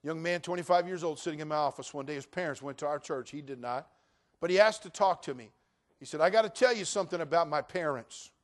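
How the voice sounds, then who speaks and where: A middle-aged male pastor preaching a sermon, shifting from quiet storytelling to loud exhortation. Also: fairly high pitch, quick pace.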